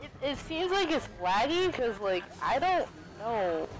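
A young woman commenting over her own gameplay, her high voice leaping up and down through exclamations and bursts of laughter. She talks at an unhurried pace between the outbursts, keeping up a running commentary as she plays. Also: music in the background, low-quality recording. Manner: excitable, laughing, frequent exclamations. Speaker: gaming video creator.

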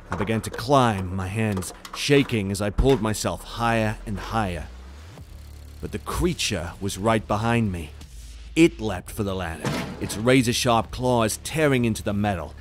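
Low-voiced man narrating a horror story. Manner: tense, dramatic storytelling. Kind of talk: scripted first-person horror narration.

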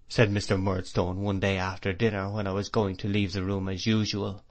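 A man reading a classic novel aloud as an audiobook narrator, in a measured way. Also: fairly low pitch, steady tone.

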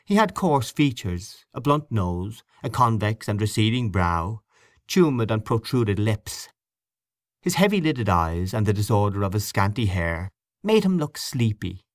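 A male audiobook narrator with a low voice that moves a great deal in pitch. The reading is expressive and lively, recorded dry and close to the mic. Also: a little slow, dry recording. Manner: expressive reading, voicing characters. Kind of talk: scripted narration.

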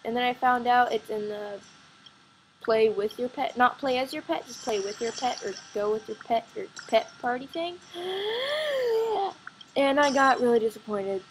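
A woman chatting excitedly and rambling with lots of fillers while playing a computer game at home, recorded on her computer microphone. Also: on the high side, moderate pace, a little hiss or hum, low-quality recording. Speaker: gaming vlogger.

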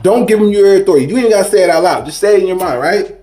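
A man's voice: sits high, animated, rapid-fire, dark tone, echoey room. A man giving a rambling, preachy spiritual monologue in a casual vlog, full of slang and restarts. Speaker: spiritual vlogger.

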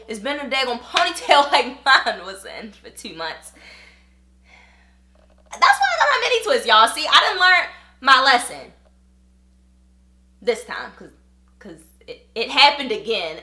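A woman's voice: fairly high pitch, echoey room. A woman vlogger in casual chat, reading a viewer's email aloud and talking straight to her viewers. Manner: chatty and animated, talks straight to viewers.

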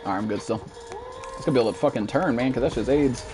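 A man in his twenties, a streamer giving profane, excitable commentary while playing a shooter, jumping into high-pitched outbursts. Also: racing, music in the background, a crowd in the background. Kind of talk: live gameplay commentary.

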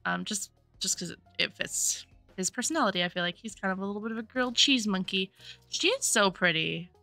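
A woman streamer with a bright voice chats casually over her gameplay and pours out effusive thanks to her viewers. Her voice is close and dry on a desk microphone, with faint game music underneath. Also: medium pitch, brisk, gravelly, dry recording. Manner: gushing, effusive thanks to chat. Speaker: streamer playing a life-sim game. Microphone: desktop USB microphone.

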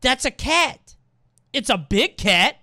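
A man streaming as he reacts to viewer clips and scores them, laughing often and swearing freely with loud exclamations. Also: very high voice, sing-song, takes it slowly, no echo, clean studio sound. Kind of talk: casual reaction commentary. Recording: background noise.

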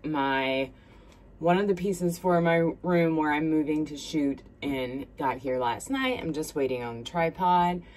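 A woman's voice: deep voice, measured pace, a little mellow. A woman in her thirties from South Carolina with a thick Southern accent, chatting in a rambling, friendly way to her viewers while doing her makeup, recorded on a smartphone. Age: 30s. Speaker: beauty vlogger. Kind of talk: casual get-ready-with-me chat.

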